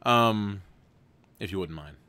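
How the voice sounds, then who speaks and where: A man's voice: lowish voice, takes it slowly, sharp tone, clean tone. A man hosting a live stream, narrating a gamebook and breaking off into rambling, chatty asides with frequent restarts.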